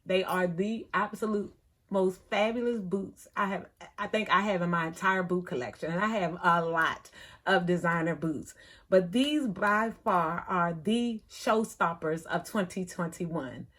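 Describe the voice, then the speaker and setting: A middle-aged woman, telling a story in a chatty, animated way, acting out the other people in it. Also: lowish voice, unhurried. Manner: chatty, animated retelling with quoted voices. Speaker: thrift vlogger. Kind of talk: casual storytelling vlog.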